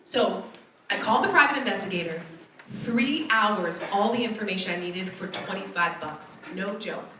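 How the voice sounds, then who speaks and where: A woman giving a keynote talk, telling a personal story in an animated way and acting out the voices she quotes. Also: mid-range voice, normal speed, a little hiss or hum. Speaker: keynote speaker. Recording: echoey hall from far off.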